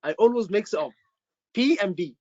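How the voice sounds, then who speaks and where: A man's voice: high voice, lively intonation, normal speed, dry recording, dull audio. A man tutoring students for a medical exam, emphatic and repeating his words. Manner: emphatic, repeats words, says "brother" often. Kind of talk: online teaching session.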